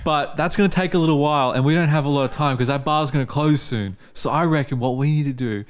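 A man's voice: on the high side, fast, clear, resonant tone, lightly acted. A man with an Australian accent playing a crude, violent criminal in improvised comedy, swearing constantly and swaggering. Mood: brash. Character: brash, violent male Australian criminal, tough-talking. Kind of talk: improvised comedy role-play.

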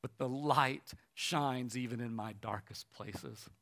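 Pastor, man, mid pitch, storytelling sermon with quoted dialogue and a hushed closing appeal. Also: slow pace. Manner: retells a story with lively quoted voices, quiet and soft at the close.

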